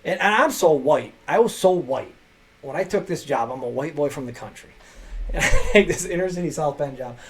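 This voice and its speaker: A man telling stories from his teaching days in a casual, animated way, rambling with restarts and jumping to loud bursts when he quotes himself. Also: fairly high pitch, moderate pace, low-quality recording. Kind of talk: casual storytelling.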